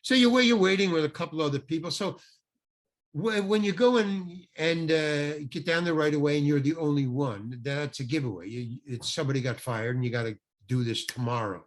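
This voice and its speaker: An older man, a guest actor, telling an anecdote in an animated way and acting out the people he quotes. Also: a little high, a little fast. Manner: animated, acts out quoted voices. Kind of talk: anecdotal storytelling.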